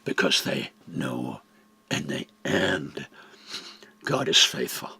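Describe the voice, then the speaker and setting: An older man giving a reflective Bible talk, expressive and acting out the quoted dialogue. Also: very deep voice, slow pace, gravelly, long pauses, breathy edge, dry recording. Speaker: Bible teacher.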